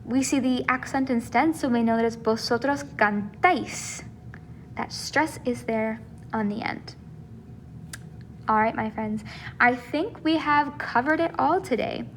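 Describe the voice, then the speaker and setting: A woman's voice: fairly high pitch, measured pace, slight background noise. A woman teaching in a recorded video lesson, explaining step by step in a patient, encouraging way. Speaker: Spanish teacher.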